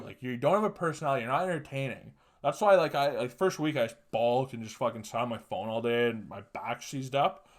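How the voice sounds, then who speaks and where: Profane, ranting male podcast host. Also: mid-range voice. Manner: profane, ranting, with loud emphatic bursts. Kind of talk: casual solo podcast monologue.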